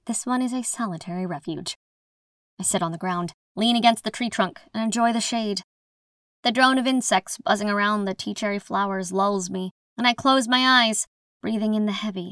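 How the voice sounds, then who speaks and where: Reading a first-person story from a script, this young female audiobook narrator keeps an even, measured tone. The recording is clean studio sound with no room ambience, and her voice sits in the middle range.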